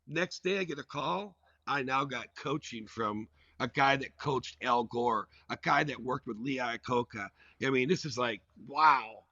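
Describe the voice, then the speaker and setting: A man's voice: mid-range voice, unhurried, hardly any pauses, no room sound. Man telling a rambling story, dull lo-fi sound. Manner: rambling and animated, full of "like" fillers. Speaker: podcast guest. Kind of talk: casual storytelling. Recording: dull, dry lo-fi recording.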